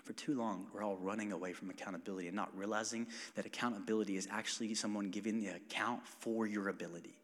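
Preaching pastor in a reverberant sanctuary. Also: male voice, lowish voice, steady tone, fast talker, hardly any pauses. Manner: swings between quiet intimate passages and loud emphatic preaching; calls for congregation responses. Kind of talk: sermon. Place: church sanctuary. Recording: long hall reverb.

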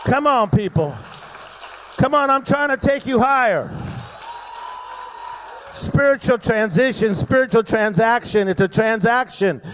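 Guy preaching at church, really high voice, all fired up, hall echo all around him. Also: animated, unhurried, long pauses, a bit bright. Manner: fervent, rousing the crowd with call-and-response. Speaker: guest preacher. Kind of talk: sermon. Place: church service. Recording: echoey hall reverb.

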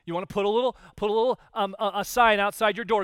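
A man preaching a sermon as pastor, conversational and animated, acting out little quoted voices. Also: high-pitched, fast talker, clear, resonant tone, dry recording, clean studio sound.

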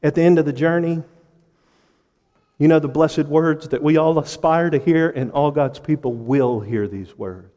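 A man preaching a sermon with impassioned rhetorical questions, pausing for effect and dropping to a hush. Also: mid-range voice, steady tone, long reverb tail. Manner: impassioned preaching with dramatic pauses and sudden drops to a hush. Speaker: pastor.

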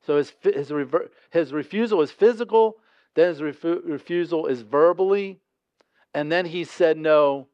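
A man's voice: fairly high pitch, normal speed, dry recording, lo-fi sound. A man preaching a sermon in a conversational, emphatic way, acting out quotes as he goes. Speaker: pastor.

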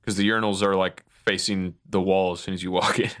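A man's voice: low-pitched, little pitch movement, fairly quick, a bit bright. A young man hosting a podcast, telling a crude bathroom story casually, laughing and saying "like" a lot. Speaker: podcast host. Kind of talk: casual chat.

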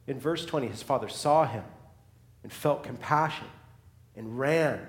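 Male pastor, mid pitch, impassioned sermon delivery that drops to a near hush, roomy echo. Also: measured pace, long pauses. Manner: swings from loud and fervent to hushed and soft, with restarts.

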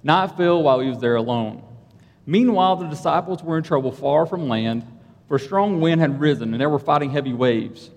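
A man's voice: a little high, a little fast, darkish tone. A man preaching a casual, conversational sermon, telling stories about himself with a self-deprecating humor. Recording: reverberant hall.

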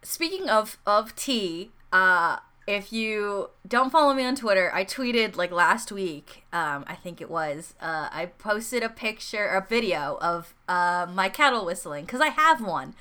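A woman's voice: medium pitch, animated, unhurried, few pauses, pushed and bright, clean tone. A young woman co-hosting a casual chat, rambling with fillers and restarts, her voice still slightly congested after an illness. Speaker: podcast co-host.

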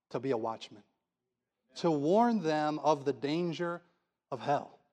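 Earnest preaching man, fairly high voice. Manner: earnest, pleading rhetorical questions. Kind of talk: sermon.

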